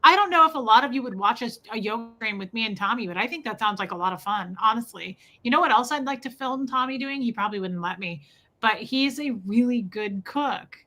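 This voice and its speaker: Bright, gushing young woman co-host. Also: fairly high pitch, brisk, low-quality recording. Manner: gushing, animated storytelling. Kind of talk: casual chat on a livestream.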